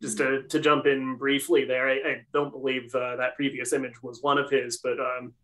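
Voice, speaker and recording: A man with a mid-range voice speaks in a level, monotone way on a video call, his tone bright and a little tense. He hesitates often, filling his pauses with "uh" and restarting his sentences. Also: mid-range voice, low-quality recording. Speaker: historic site assistant. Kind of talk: video-call panel conversation.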